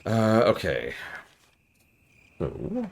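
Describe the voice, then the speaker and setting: A man's voice: on the low side, huge pitch swings, drawn-out words, gravelly, a little hiss or hum. A man casually commenting on a game during a live stream, with sarcastic joking asides.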